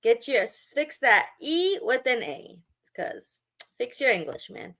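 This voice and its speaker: A woman's voice: high voice, pushed and bright. A woman live-streaming, talking back to her chat in a sarcastic, mocking and scolding way. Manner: scolding, lecturing.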